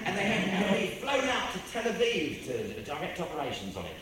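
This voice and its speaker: Rambling English raconteur, lively pitch, slightly high; recorded far off in a very reverberant space. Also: male voice, a little fast. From England. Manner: rambling, animated, with self-repeats and impressions. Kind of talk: anecdotal storytelling. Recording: very echoey room, distant mic, ambient noise.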